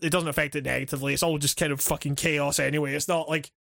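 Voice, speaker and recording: A British man talks in a halting, easygoing way, restarting his phrases and laughing often. His voice sits high for a man. The sound is dry and close. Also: flat delivery, vocal fry, fairly bright tone, no room sound. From Britain. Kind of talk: casual chat.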